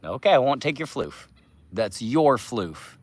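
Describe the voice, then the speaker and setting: A man's voice: sing-song, unhurried, a little hiss or hum. Man cooing at his pet duck. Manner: coos in high baby talk to a pet duck; reads out and thanks viewers' comments. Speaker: livestream host. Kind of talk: casual livestream chat.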